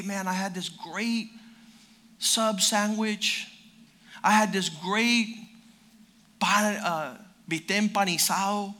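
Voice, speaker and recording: Male pastor, high bright voice, emphatic repeating sermon delivery. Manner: drops to a quiet storytelling voice.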